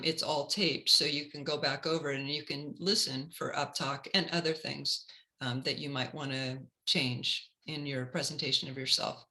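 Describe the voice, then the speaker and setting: Lady career coach doing a webinar, really bright voice, calm and explaining step by step. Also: deep voice, poor audio. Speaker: career counselor presenting a webinar. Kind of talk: webinar talk.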